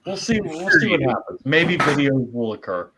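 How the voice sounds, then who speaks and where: A man's voice: on the high side, big pitch swings, moderate pace, over a noisy crowd. A man guest on a casual live stream, upbeat and joking as he signs off. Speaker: guest on a livestream.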